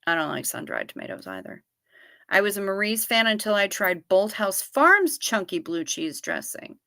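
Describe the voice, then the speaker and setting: A woman hosts a relaxed livestream, reading chat aloud and firing back blunt, salty replies. Her voice is bright and punchy. The sound is dry and close, with no room echo. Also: mid-range voice, creaky. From United States. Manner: blunt, salty, quick to tease. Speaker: livestream host.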